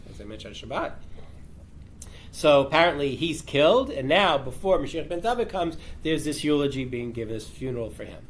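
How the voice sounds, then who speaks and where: A man's voice: medium pitch, a little hiss or hum. A rabbi teaching a class, reading out a Talmud passage and explaining it with rhetorical questions to his students. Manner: reads the text aloud, then explains it with rhetorical questions.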